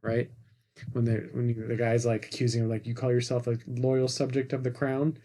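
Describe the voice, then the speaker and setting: A man's voice: medium pitch, completely flat delivery, moderate pace, mellow. A man co-hosting a casual movie review podcast, retelling scenes and acting out quoted lines. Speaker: podcast co-host.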